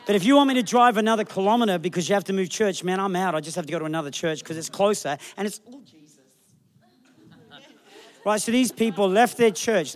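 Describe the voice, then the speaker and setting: A middle-aged man preaching a sermon as a pastor, telling jokey stories and putting on voices for the people he quotes. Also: sits high. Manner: jokey, animated storytelling with put-on quoted voices.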